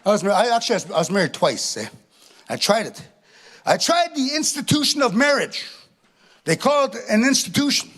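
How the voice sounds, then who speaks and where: A man's voice: high voice, big pitch swings, fairly quick, a bit bright. A middle-aged man performing a chatty, self-mocking stand-up comedy set, tagging his lines with "eh". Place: live stage before an audience.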